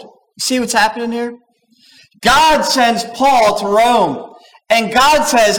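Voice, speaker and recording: A man preaching a sermon as pastor, talking in an animated, digressive way and acting out quoted voices. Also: very high voice, slow pace, rough recording. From United States.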